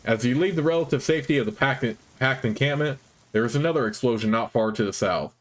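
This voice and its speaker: A man hosting a let's play, reading the game's narration aloud in a measured, even way. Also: mid-range voice. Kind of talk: reading game text aloud.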